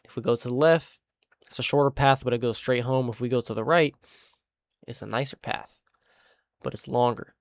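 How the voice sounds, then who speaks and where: A man doing his calm know-it-all friend. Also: medium pitch, normal speed, long pauses, no echo, clean studio sound, close to an everyday voice. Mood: explaining. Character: calm young man friend, confident guide.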